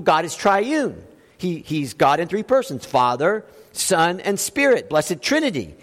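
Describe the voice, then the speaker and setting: A man's voice: high-pitched, big-room sound. A man preaching a sermon as pastor, driving his points home with emphatic rhetorical questions.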